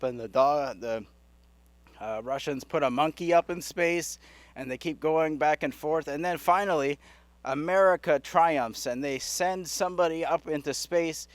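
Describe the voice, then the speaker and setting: A male stand-up comedian rambles loosely through his bit and chuckles at his own jokes. His voice sits a little higher than most men's, and the sound is close and dry. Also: no room sound. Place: live comedy club stage.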